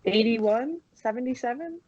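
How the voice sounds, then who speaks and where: A young woman from New Jersey, co-hosting a casual podcast chat, excitable and quick to defend herself. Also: a little high, dry recording, highs cut off. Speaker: podcast co-host.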